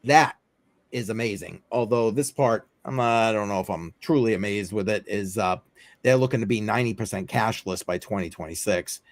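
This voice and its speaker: A man's voice: fairly low pitch, normal speed, no room sound. A man hosting a casual crypto talk show, rambling and offhand with lots of fillers. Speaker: host of a crypto news livestream.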